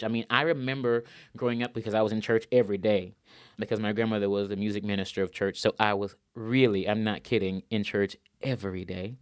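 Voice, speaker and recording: A man's voice: fairly low pitch, clean tone, no room sound, studio quality. A man, an opera singer, answering interview questions in an earnest, thoughtful way and repeating words for emphasis.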